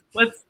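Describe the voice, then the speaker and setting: A man's voice: sharp tone, poor audio. A man hosting a casual chat over drinks, laughing often and making fun of himself. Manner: laughs often, self-mocking.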